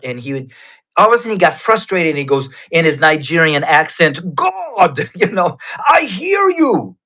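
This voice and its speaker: A guest with a slightly high, pushed, bright voice shares his personal faith testimony. His retelling is earnest, conversational, and unhurried.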